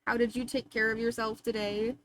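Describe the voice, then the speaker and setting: A woman's voice: on the high side, level tone, fairly quick, a bit bright, rough recording. A woman hosting a casual livestream, chatting in a bubbly, affectionate way with her viewers from her home streaming room. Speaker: livestream host.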